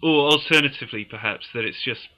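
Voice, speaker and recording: A man co-hosting a casual podcast, reasoning things through with dry, deadpan quips. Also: medium pitch, fast, highs cut off. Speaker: podcast co-host.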